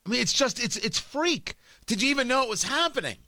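Animated middle-aged male radio host. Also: extremely high pitch, fairly quick, no room sound. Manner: animated, restarts often, acts out quotes. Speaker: radio talk show host. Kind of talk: talk radio monologue.

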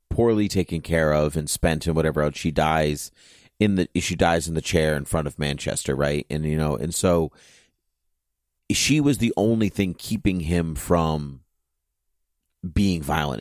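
A man's voice: low voice, darkish tone, no echo, studio quality. A man co-hosting a podcast in a casual chat, rambling and leaning heavily on "you know" as he thinks aloud. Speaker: podcast co-host.

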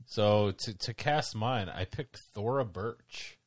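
A young man co-hosting a podcast in casual chat, animated and joking. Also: lowish voice, slow, no room sound. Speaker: podcast co-host.

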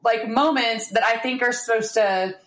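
A woman co-hosting a podcast in casual chat, agreeable and quick to laugh. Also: fairly high pitch, a bit bright, reverberant, low-quality recording. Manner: laughs often, agreeable back-and-forth. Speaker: podcast co-host. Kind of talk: casual chat about a film.

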